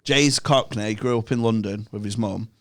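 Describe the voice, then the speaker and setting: A man in his thirties with a Manchester accent speaks in a lowish voice at a normal pace. He's a podcast guest in casual chat, telling bawdy stories and laughing mid-sentence.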